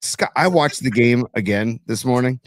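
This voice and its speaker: A man co-hosting a podcast, talking sports in an excited, rambling way. He keeps saying "dude" and jumps from thought to thought. His voice is mid-pitched and dry, right up on the mic. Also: normal speed, no echo. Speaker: podcast co-host. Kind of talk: casual sports chat.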